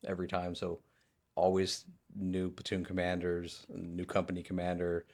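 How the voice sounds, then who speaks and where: A man hosting a casual chat, relaxed and chuckling, poking fun at new officers. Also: low-pitched, moderate pace. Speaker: podcast host, veteran.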